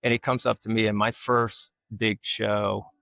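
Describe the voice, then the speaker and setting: Middle-aged southern-born guy from alabama, gravelly low voice, dry close sound, folksy storyteller. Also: a little slow, dry recording. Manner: folksy, animated when quoting others. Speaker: guest artist. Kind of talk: casual storytelling.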